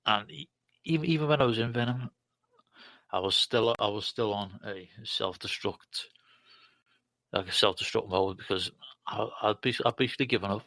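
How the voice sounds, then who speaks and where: Man, lowish voice, halting speech, repeats words, dry sound. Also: sharp tone, dry recording. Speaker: guest. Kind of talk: emotional live talk.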